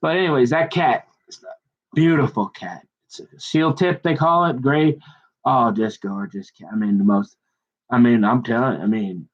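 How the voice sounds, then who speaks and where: A man's voice: medium pitch, muffled recording. A middle-aged man preaching, telling a digressive personal story in a chatty, joking way. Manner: digressive, chatty, self-mocking. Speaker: pastor. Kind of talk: sermon with rambling personal story.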